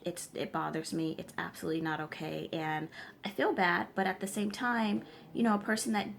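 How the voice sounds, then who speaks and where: Gravelly low-voiced woman lecturing viewers. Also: level tone, fairly quick, a little hiss or hum. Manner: emphatic, lecturing, keeps checking in with viewers. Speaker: tarot reader and spiritual practitioner. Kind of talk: direct-to-camera advice vlog.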